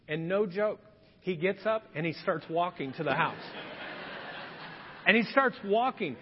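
A man's voice: high voice, expressive, unhurried, noisy background. A male pastor delivering a humorous storytelling sermon, acting out scenes in quoted voices. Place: church sanctuary. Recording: dull lo-fi sound with long hall reverb.

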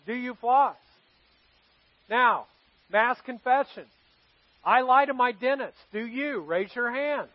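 At a church service with a live congregation, a male pastor preaches conversationally, telling stories and putting questions to the audience. His voice sits high, and the recording is dry with the high frequencies cut off.

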